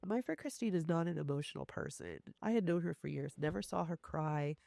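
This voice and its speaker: A woman with a low, gravelly voice, a ghost hunter guesting on a podcast. She recounts her experience plainly, often quoting what others told her. The recording is dry and close. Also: a little fast, dark tone, dry recording. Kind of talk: casual chat, storytelling.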